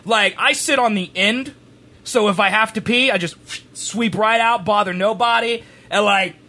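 A man telling a rambling story on a stream, animated, sometimes rising to a shout. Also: sits high, normal speed. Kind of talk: casual storytelling chat.

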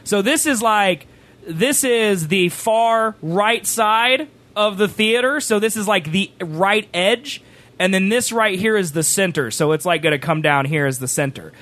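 A man telling a rambling story on a stream, animated, sometimes rising to a shout. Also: sits high, measured pace. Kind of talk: casual storytelling chat.

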